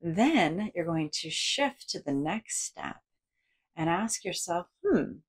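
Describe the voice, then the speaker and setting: Woman, low voice, swooping lively intonation, guided lesson on the brain, playful acted-out self-talk. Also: takes it slowly, slightly rough. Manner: animated, acts out inner voices with big playful inflections. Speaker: psychologist and educator.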